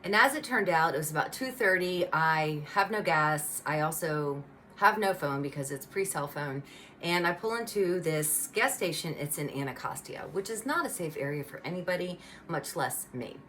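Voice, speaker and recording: A middle-aged woman telling a personal faith testimony in a lively, chatty storytelling way. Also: deep voice, normal speed, a little hiss or hum. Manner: animated, conversational storytelling with lots of "like" and "you know". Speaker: speaker giving a personal testimony.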